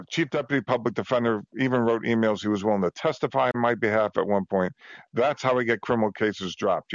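A man talking fast and emphatically as a guest, piling on example after example. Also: mid-range voice, no room sound, highs cut off. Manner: rushed, emphatic, piles on examples. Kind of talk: fast conversational testimony.

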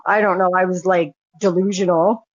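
A woman's voice: lowish voice, steady tone, normal speed. A woman recounting a personal story as a guest, speaking frankly and swearing freely. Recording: dull, dry lo-fi sound.

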